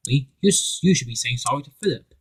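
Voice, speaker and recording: A man's voice: medium pitch, animated, quick pace, slightly rough, rough recording. James, a man voicing a stern scolding engine. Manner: lecturing, stumbling over words.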